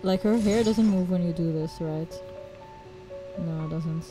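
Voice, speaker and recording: A woman's voice: lowish voice, a little slow, soft background music, rough recording. A young woman streaming a video game, chatting casually and giggling, with lots of "like" fillers.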